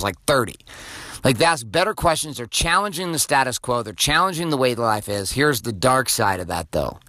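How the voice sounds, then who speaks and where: A man in his forties hosts a podcast, talking off the cuff in an intense, profane, filler-heavy way. His voice is forceful and tense. The sound is dry and close. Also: mid-range voice, no room sound. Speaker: podcast host. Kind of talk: off-the-cuff motivational monologue.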